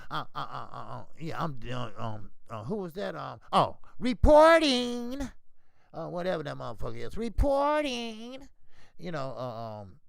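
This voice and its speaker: A man hosting a boxing channel, talking casually in animated, profane trash-talk. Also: mid-range voice, gravelly, no room sound. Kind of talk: casual commentary.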